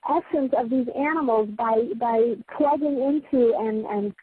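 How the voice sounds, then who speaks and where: A woman's voice: a little high, unhurried, husky, no room sound, phone-quality sound. A woman teaching a Torah class to a small group. She is earnest and emphatic, often restarts her phrases and checks in with her listeners. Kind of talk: spiritual lecture to a small group.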